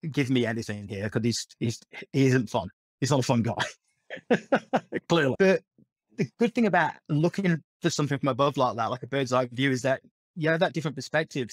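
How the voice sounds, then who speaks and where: Guest: man, lively storyteller who laughs a lot, dry close sound. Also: medium pitch, no echo. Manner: animated, laughs often, many restarts. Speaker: podcast guest. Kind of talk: storytelling in a casual conversation.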